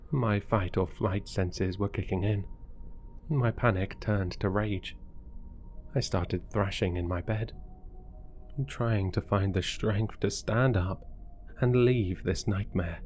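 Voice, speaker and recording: Low slow guy reading a creepy story, brooding, unhurried. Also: a little mellow. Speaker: horror story narrator. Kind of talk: scripted first-person horror narration.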